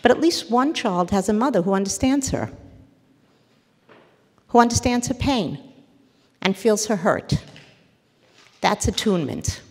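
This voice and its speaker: A woman's voice: mid-range voice, animated, measured pace, long pauses, darkish tone, slightly rough. Emphatic woman lecturing in a reverberant hall. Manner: earnest, emphatic, breaks off and restarts mid-word. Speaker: therapist and parenting lecturer. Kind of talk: workshop lecture.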